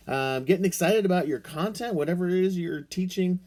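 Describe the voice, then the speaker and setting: A man's voice: sits high, brisk, a little mellow. A man giving upbeat, playful teaching tips to camera, with lots of energy in his delivery. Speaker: teacher making a screencast tutorial. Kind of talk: upbeat instructional talk to camera.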